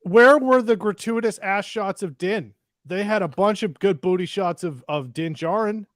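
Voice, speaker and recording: A man's voice: high-pitched, normal speed, no echo, studio quality. A man co-hosting a casual pop culture chat, sardonic and swearing. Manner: sardonic, swears, acts out quotes. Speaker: podcast co-host.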